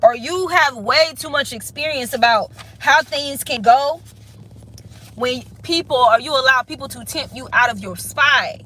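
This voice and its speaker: A woman's voice: high-pitched, measured pace, pushed and bright, poor audio. A woman giving a casual spiritual reading in a blunt, profane, emphatic way, often checking in with "okay?". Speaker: tarot reader.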